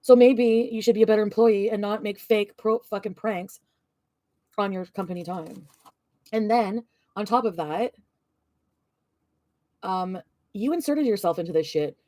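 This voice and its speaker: A woman's voice: mid-range voice, measured pace, pauses often, dark tone, no room sound, clean studio sound. A woman vlogger venting and ranting, swearing often and rambling. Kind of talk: ranting vlog.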